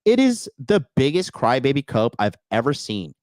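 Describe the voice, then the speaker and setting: A young man rants alone on his podcast, crude, profane and mocking, and his pitch swoops up and down. The sound is dry and close. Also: very animated, normal speed, a little mellow, no room sound. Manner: mocks critics in a high whiny put-on voice. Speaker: podcast host. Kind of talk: solo podcast rant.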